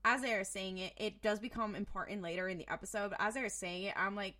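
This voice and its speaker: A woman's voice: mid-range voice, steady tone, fast talker, pushed and bright. A woman co-hosting a podcast in casual chat, dropping wry, joking asides. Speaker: podcast co-host.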